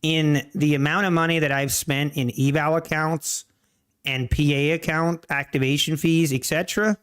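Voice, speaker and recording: A man hosting a live day-trading stream, talking casually and haltingly, often restarting and clearing his throat. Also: a little high, steady tone, a bit bright. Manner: slow, halting, many restarts, answers chat. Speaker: livestream day-trading host. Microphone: desk mic.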